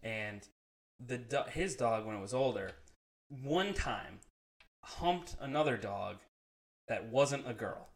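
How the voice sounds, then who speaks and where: A man's voice: mid-range voice, expressive, slow pace, pauses often. A man telling a profane, laugh-filled story in a casual chat, acting out the people he quotes. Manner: profane, laughs often, acts out quoted friends.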